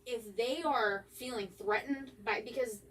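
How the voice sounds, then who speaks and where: A woman's voice: a little high, unhurried. A woman paranormal investigator telling her experiences in a casual interview, chatty and full of "like" fillers. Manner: chatty, many "like" fillers, lively quoting. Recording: slightly distant mic with faint background noise.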